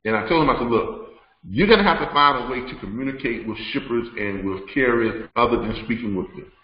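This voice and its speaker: A middle-aged man hosts a live webinar Q&A conversationally, speaking fairly quickly in a mid-range voice. He repeats words and laughs often, and the recording has a roomy, dull lo-fi sound.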